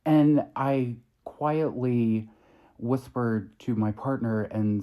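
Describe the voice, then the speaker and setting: A man in a storytime vlog, recounting an incident in a measured, incredulous way. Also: medium pitch, mellow, clear, resonant tone. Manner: measured, incredulous retelling with acted quotes. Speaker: makeup artist vlogger.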